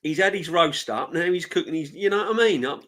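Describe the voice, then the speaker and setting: A man's voice: on the high side, animated, fast, a bit bright. A man hosts a casual live-stream chat and rambles on in a chatty way. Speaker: host. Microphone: remote streaming mic.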